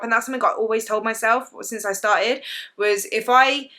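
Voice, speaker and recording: Bright-voiced British woman, confiding vlog. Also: on the high side, fairly even intonation, moderate pace. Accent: British English. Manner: emotional, confiding, lots of "like" fillers. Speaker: vlogger. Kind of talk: casual storytelling to camera.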